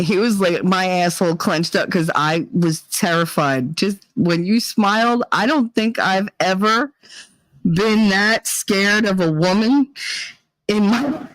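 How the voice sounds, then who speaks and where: A woman's voice: medium pitch, measured pace, dry recording, rough recording. A woman hosting a casual talk show, telling a story in a blunt, profane, swaggering way. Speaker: podcast host.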